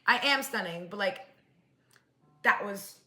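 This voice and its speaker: Her voice is medium-pitched, bright and forceful, and a touch slow as this vlogger in her twenties snacks through a chatty storytime rant full of "like" and "whatever." Reverb fills the space, and soft music plays in the background.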